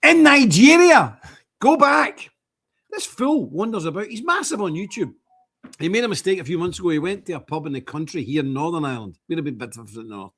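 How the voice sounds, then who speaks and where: Ranting man, husky and lively. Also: fairly high pitch, quick pace. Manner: scornful, ranting, animated. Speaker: live stream host. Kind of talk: impassioned commentary.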